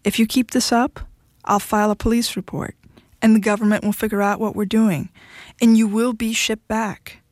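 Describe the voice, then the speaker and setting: A woman's voice: a little high, little pitch movement, normal speed, a little mellow, dry recording, studio quality, natural voice. A woman reading the lines of a blunt young woman who speaks firmly and coolly to her husband. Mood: threatening.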